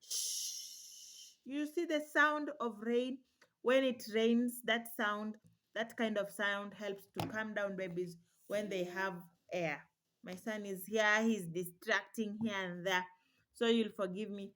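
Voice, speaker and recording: Bright-voiced young mother giving baby tips. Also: medium pitch, steady tone, a little slow. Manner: imitates baby cries, chatty and reassuring. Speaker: parenting vlogger. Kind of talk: casual advice to mothers.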